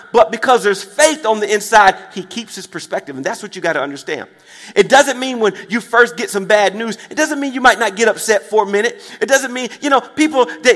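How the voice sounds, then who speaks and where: High-voiced preacher in a reverberant hall. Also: male voice, fairly bright tone. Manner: emphatic call-and-response, repeats phrases, checks in with listeners. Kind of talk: sermon. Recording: long reverb of a large hall.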